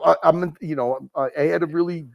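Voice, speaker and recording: A man from Chicago's North Side with a Chicago accent, bantering on a livestream in a profane, animated way with stumbling restarts. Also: fairly high pitch, fairly quick, creaky. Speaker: livestream regular.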